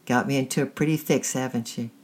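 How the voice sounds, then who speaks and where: A woman's voice: very deep voice, steady tone, fast, darkish tone. A woman reading a storybook aloud, voicing a weary, blunt middle-aged male thief who is kind underneath. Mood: gentle. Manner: blunt, rough, hesitant.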